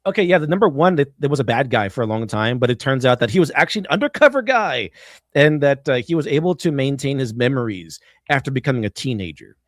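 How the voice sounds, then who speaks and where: A male live-stream host in relaxed, rambling chat, laughing between thoughts. His pitch swings a lot as he talks, and the sound is dry and close. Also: fast talker, no echo. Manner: rambling and laughing, reading super chats aloud. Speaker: show host.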